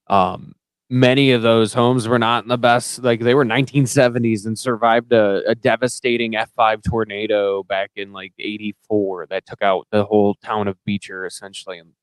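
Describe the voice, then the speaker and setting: A man's voice: lowish voice, level tone, moderate pace, smooth, dry recording. A man from Michigan hosting a podcast, talking casually and with sympathy, calling his guest dude. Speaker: podcast host.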